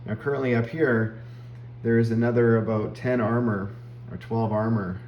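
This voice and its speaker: A man giving a relaxed, explanatory summary of a strategy board game round, talking through the map with frequent fillers and asides. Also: mid-range voice, normal speed, echoey room, lo-fi sound, slight background noise.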